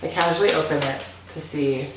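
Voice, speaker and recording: Excitable storytelling man, echoey room. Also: fairly high pitch, fairly quick, creaky, noisy background. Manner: animated and dramatic, lots of "like" and "literally". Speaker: vlogger.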